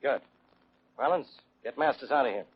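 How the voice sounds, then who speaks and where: An actor playing a hectoring, blustering police inspector in a 1940s radio drama. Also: male voice, mid-range voice, moderate pace, background noise, lightly acted. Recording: dull old radio recording.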